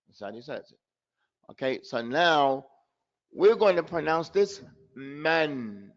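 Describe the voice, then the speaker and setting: A man teaching Quran pronunciation in an online class, slowly demonstrating sounds and repeating syllables for his students. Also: a little high, very animated, highs cut off. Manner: chuckles at his own trick questions.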